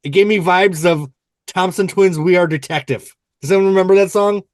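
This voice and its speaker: Male podcast host, slightly high voice, playful, rambles into tangents, dry close sound. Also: brisk, no room sound. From United States. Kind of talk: casual chat about music.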